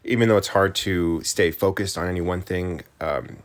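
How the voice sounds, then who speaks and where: This is a man in his thirties from New Mexico with a very deep voice. He co-hosts a home podcast from his couch, drifting through thoughts and restarting sentences as he goes. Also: moderate pace. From New Mexico, USA. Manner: rambling, self-correcting. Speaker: podcast co-host, teacher. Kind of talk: casual chat. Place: home living room couch.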